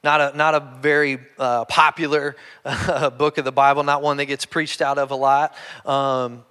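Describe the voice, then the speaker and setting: A man's voice: medium pitch, flat delivery, normal speed, sharp tone, smooth. A man preaching a sermon in a conversational way, often restarting and repeating words. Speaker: pastor. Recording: long hall reverb.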